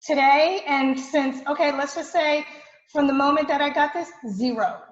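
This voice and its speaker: Effusive woman realtor for a testimonial, high voice, echoey and slightly dull audio. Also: normal speed. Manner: effusive and enthusiastic. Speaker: real estate agent client. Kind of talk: client testimonial interview.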